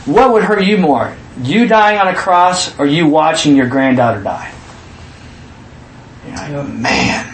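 A man preaching a sermon in an animated way, acting out quotes with sudden shouts. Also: a little high, unhurried, pauses often, echoey room.

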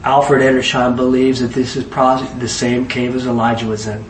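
A man's voice: mid-range voice, level tone, fairly quick. A man teaching a conversational Bible study sermon, often asking the audience questions, recorded in an echoey room from a distant mic with faint background noise. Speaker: preacher.

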